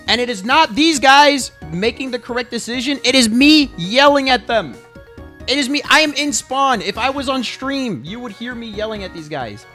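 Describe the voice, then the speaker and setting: A man's voice: sits high, big pitch swings, brisk, bright, forceful tone, soft background music. A man reviewing his own gameplay as a lesson, emphatic and repetitive, swearing and saying "bro" often. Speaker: gamer coaching through his own gameplay.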